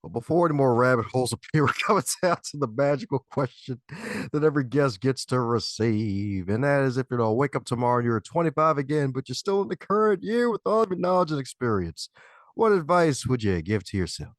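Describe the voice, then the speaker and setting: A man's voice: mid-range voice, animated, a little fast, dry recording, studio quality. A man hosting a casual podcast interview, laughing often and repeating playful catchphrases. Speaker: podcast host.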